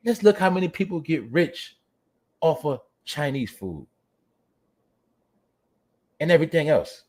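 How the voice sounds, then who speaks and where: A man hosting a livestream show, ranting bluntly and profanely at his viewers and reading the chat. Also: a little high. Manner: profane, blunt, preachy, talks straight to viewers. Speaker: show host. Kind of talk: livestream commentary rant.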